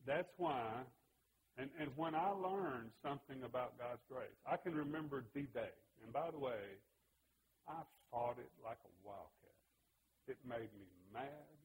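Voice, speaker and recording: A man's voice: mid-range voice, gravelly, slight background noise, poor audio. A man giving an earnest, conversational Bible lesson. He tells stories from his own life and acts out the remembered exchanges. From United States. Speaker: Bible teacher.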